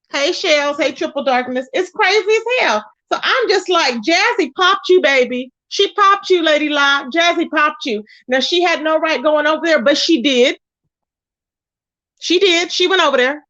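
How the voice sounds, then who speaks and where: A woman hosting a casual livestream, telling stories in an animated, expressive way with loud exclamations. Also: sits high, dull audio. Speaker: livestream host.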